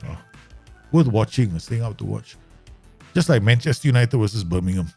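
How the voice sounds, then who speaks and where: A man with a Southeast Asian English accent commentating live on his management game, chatty and quick to laugh as he talks to his viewers. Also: fairly low pitch, lively intonation, creaky, mellow, slightly rough, soft background music. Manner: chatty, laughs easily, talks to himself and chat. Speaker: game streamer.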